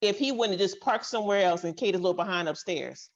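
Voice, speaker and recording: A woman in a casual recap chat, weighing things out in a measured way. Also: mid-range voice, dull audio.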